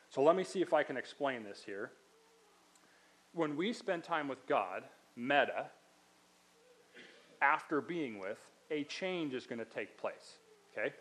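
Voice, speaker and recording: A man's voice: medium pitch, low-quality recording. A man giving a sermon as a pastor. He talks in a conversational way, explaining things step by step and dropping in casual asides.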